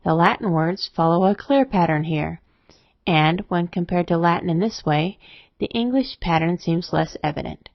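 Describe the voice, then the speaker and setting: Gravelly woman teaching spelling rules. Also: fairly low pitch, normal speed, dry recording. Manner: steady, methodical explaining. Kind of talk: scripted instructional narration. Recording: dry, dull lo-fi voice-over.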